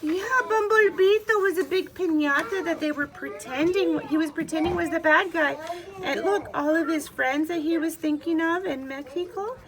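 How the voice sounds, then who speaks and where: A preschool teacher reading a children's storybook aloud, animated and expressive, pausing to ask the child questions. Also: female voice, very high-pitched, a crowd in the background.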